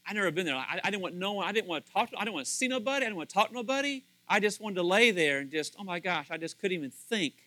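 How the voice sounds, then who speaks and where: A male pastor preaching a sermon in an animated, conversational way, often repeating words and acting out what others say. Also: high voice, rapid-fire, few pauses, no echo, rough recording.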